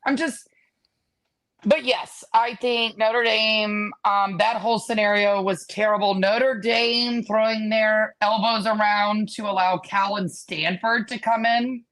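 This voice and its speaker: A woman's voice: medium pitch, fairly even intonation, takes it slowly, fairly bright tone. A woman co-hosting a sports podcast, ranting bluntly and mocking rival teams in casual chat. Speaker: podcast co-host.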